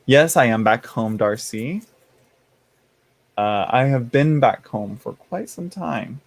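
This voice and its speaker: A man's voice: mid-range voice, expressive, slow pace. A man hosting a casual live stream, chatting with viewers, laughing often and reading the chat aloud. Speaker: tarot livestream host.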